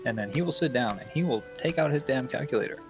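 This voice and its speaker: A man vents bluntly on a live gaming stream, cursing as he goes. His voice is an ordinary middle pitch. Game music plays clearly behind him. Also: expressive, fast. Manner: blunt ranting, swears freely. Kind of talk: casual voice chat.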